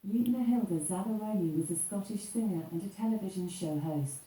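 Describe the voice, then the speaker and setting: A woman's synthetic voice-assistant voice reading facts in an even, informational way. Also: mid-range voice, brisk, distant mic. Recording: smart speaker heard from across an echoey room.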